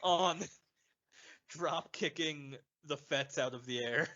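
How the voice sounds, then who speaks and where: A man's voice: on the high side, takes it slowly, background noise. A man co-hosting a comedy podcast, riffing on the movie with wry, profane jokes. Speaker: podcast co-host. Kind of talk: casual comedic podcast chat. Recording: dull lo-fi podcast audio.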